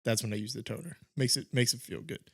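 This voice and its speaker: Gravelly-voiced man in casual chat. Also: mid-range voice, steady tone, quick pace, a bit bright. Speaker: podcast co-host.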